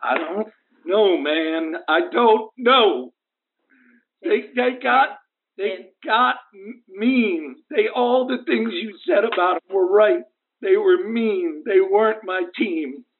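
A man playing a battered, sentimental young football player who rambles and wavers between mumbles and high cries over the phone. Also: normal speed, long pauses, lightly acted. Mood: bewildered. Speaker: caller. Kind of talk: comic prank call. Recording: tinny phone line.

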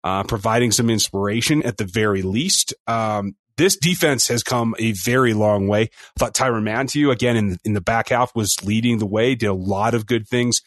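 A man co-hosting a sports podcast, talking through a game in an upbeat, quick, casual way. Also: on the low side. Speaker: podcast co-host.

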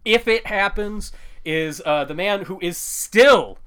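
A man co-hosting a podcast in casual chat, animated and jokey, laughing often. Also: sits high, slow pace, clean tone. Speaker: podcast co-host.

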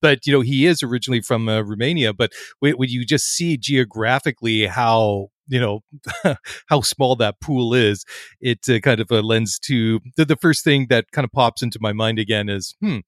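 A man's voice: medium pitch, normal speed, no room sound. Chatty male podcast co-host, dry sound. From not American. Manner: chatty, many fillers and restarts. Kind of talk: casual podcast chat.

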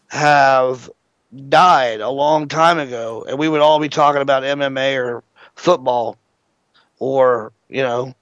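Swearing freely, a male internet radio host animatedly recounts a long tale in a casual manner. His pitch is medium, there's no echo, and the sound quality is dull lo-fi.

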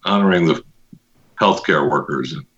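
A podcast host with a rumbling low but fairly bright voice chats at normal speed in a casual, jokey, rambling way while testing his microphone on air. The mic is a studio podcast model with adjustable settings, and the sound is lo-fi.

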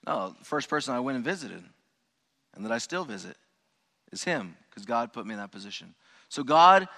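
Male pastor, conversational storytelling sermon, bright voice, long hall reverb. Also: medium pitch. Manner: conversational, many restarts and asides to the congregation. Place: church sanctuary.

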